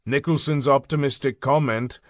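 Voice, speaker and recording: A man narrates history in an even, mid-pitched voice, taking his time and leaning on important phrases. The recording is dry and close, with no room sound at all. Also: moderate pace, dry recording. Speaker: audiobook narrator.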